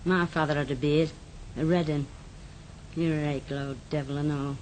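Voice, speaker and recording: An actress playing a blunt older aunt, full of tart dialect sayings. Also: female voice, sits low, steady tone, normal speed, a little mellow, slight background noise, lightly acted, low-quality recording. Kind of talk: radio drama.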